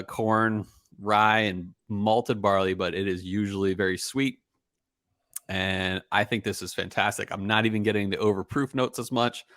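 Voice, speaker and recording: Low-voiced man rambling through a whiskey tasting. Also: no echo, studio quality. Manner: relaxed, rambling, full of ums and uhs. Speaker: podcast co-host. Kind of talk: casual whiskey tasting chat.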